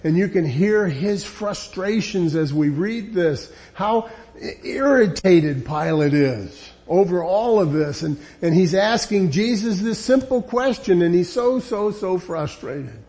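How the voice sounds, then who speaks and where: A man with a high voice delivers a sermon to his congregation. He talks emphatically and conversationally, repeating his points and often saying "you know". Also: lively intonation, unhurried, a little mellow. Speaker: preacher.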